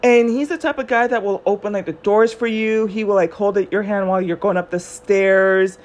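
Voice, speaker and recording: A woman's voice: mid-range voice, normal speed. A young woman telling a personal story in a chatty monologue on her podcast. She acts out the quoted lines of the people in her story. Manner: chatty, animated retellings with quoted voices. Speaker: podcast host.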